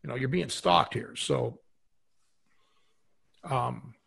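A man's voice: medium pitch, slow, vocal fry, fairly bright tone, slightly rough. A man co-hosting a podcast, talking casually with many fillers and giving earnest advice. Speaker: podcast co-host.

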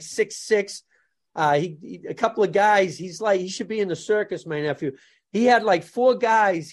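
A man, a jujutsu instructor telling funny stories in a casual podcast chat. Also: high voice. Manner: jokey storyteller, laughs at his own stories.

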